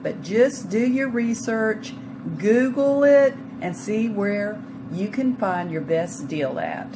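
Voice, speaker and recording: A woman talks through her home cooking in an unhurried, drawn-out way, her pitch sitting mid-range. She is folksy and chatty and hums happily as she tastes. A faint hum of room noise sits behind her. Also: animated. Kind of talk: casual cooking demo. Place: home kitchen.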